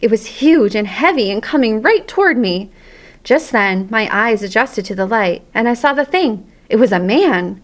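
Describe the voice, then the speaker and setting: A woman narrating a children's story aloud in a lively, expressive way. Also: on the high side, moderate pace.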